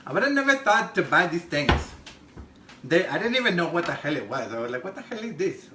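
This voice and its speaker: A man's voice: on the high side, sing-song, a little fast, roomy sound, background noise. A man playing a brassy cooking lady. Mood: chatty. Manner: gossipy, chatty, crude asides, giggly. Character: brassy middle-aged Mexican-American woman home cook. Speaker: cooking show host. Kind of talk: comedic cooking demonstration. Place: home kitchen.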